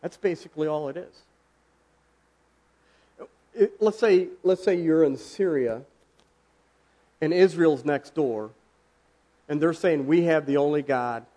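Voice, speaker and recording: A man preaching a casual, conversational sermon, asking his listeners questions and slowing down for emphasis. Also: fairly high pitch, warm tone. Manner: conversational, asks the audience questions, slows for emphasis.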